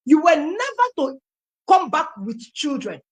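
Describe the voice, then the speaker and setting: A woman's voice: sits high, sing-song, measured pace, voice pushed up. A Nigerian woman voicing her stern, threatening mother in a cold, accusing tone.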